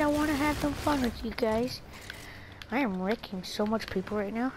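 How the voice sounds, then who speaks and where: Playing a shooter with loud game sounds behind her, a young woman chatters casually, squealing and breaking into silly sing-song asides. She speaks at a fairly high pitch and a moderate pace.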